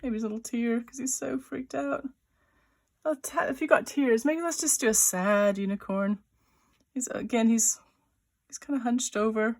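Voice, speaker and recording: A woman illustrator leading a drawing lesson, chatting playfully and thinking aloud as she draws. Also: on the high side. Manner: chatty and playful, voicing little sound effects; talks while drawing, with pauses and restarts. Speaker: writer-illustrator teaching a drawing workshop.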